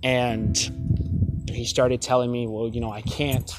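Young man, confessional vlog, heated and rambling, average pitch, loud guitar bed. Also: little pitch movement, measured pace. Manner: rambling, frequent restarts, swearing, heated. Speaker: store worker venting. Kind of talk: personal confessional monologue. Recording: loud guitar music behind the voice.

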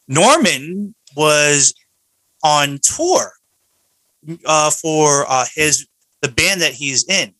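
A man's voice: fairly high pitch, pushed and bright, no echo, low-quality recording. A man hosting a casual podcast chat, joking around and rambling with lots of fillers. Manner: jokey, rambling with many fillers. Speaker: podcast host. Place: home podcast studio.

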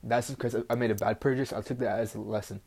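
A man's voice: mid-range voice, fairly even intonation, quick pace, gravelly, darkish tone, breathy edge. A teenage boy hosting a casual solo podcast, rambling bluntly with constant "like" fillers and a frustrated edge. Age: teens. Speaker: podcast host.

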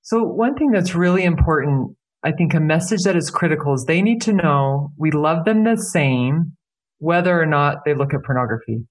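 A woman's voice: low voice, lively intonation, normal speed. A woman who works as a life coach, speaking earnestly as a podcast interview guest and repeating key phrases for emphasis.

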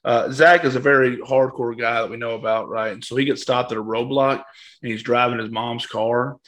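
A man with a bright, forceful voice tells a profane story in loose podcast banter. He delivers it with animation and acts out the quoted lines. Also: medium pitch, steady tone, normal speed. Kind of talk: crude comedic storytelling.

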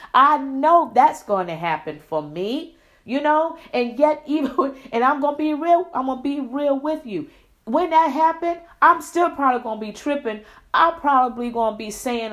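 A woman hosting an inspirational Christian podcast, exuberant and preacherly, calling listeners "beloved" and "Shugs". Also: medium pitch. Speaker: podcast host.

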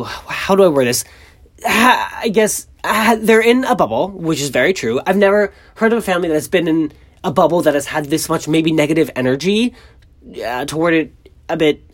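A young man hosting a casual solo podcast, chatty and gossipy, rambling with lots of fillers and restarts and jumping up in pitch for emphasis. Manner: animated pitch jumps for emphasis. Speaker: podcast host.

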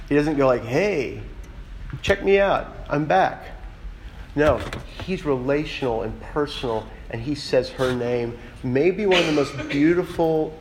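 Male pastor with a mid-pitched voice, casual sermon delivery, earnest and direct. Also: slight background noise, rough recording. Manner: earnest, direct, asks the listeners questions. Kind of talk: conversational sermon.

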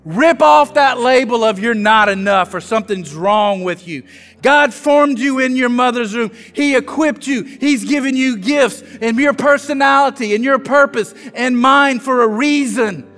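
A man from South Louisiana preaching a sermon, telling self-mocking stories with animated humor. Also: very high-pitched, measured pace, big-room sound, soft background music. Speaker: pastor.

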